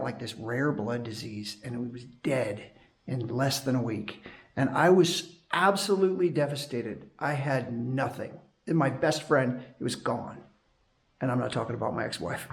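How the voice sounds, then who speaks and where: A middle-aged man chatting casually to his vlog camera, rambling from story to story and laughing often. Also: mid-range voice. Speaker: vlogger and night guard. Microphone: action camera.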